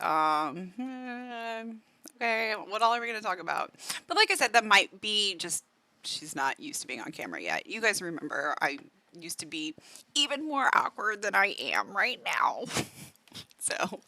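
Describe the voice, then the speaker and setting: A woman's voice: fairly low pitch, vocal fry, pushed and bright, dry recording. A woman streamer chatting casually while reacting to a video, filling her talk with "like" and laughing often, sometimes talking with food in her mouth. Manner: talks while eating.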